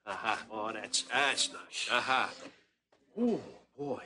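A man's voice: mid-range voice, lively intonation, slow pace, pushed and bright, exaggerated voice. An actor playing a creepy middle-aged man who coaxes kids, in hesitant 1980s sitcom dialogue. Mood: coaxing.

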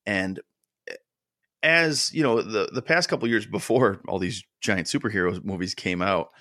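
A podcast co-host with a fairly low, pushed and bright voice rambles at a moderate pace in casual conversation, full of fillers and restarts. The sound is dry and clean, as in a studio.

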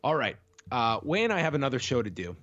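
A man co-hosting a casual chat podcast while sick, talking in a measured, thoughtful way. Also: medium pitch, big pitch swings, fairly bright tone, no room sound, dull audio. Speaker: podcast co-host.

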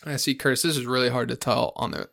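A man's voice: mid-range voice, expressive, very fast, creaky, fairly bright tone. A man on a podcast telling a story in casual chat, swearing often and laughing as he goes. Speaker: podcast host.

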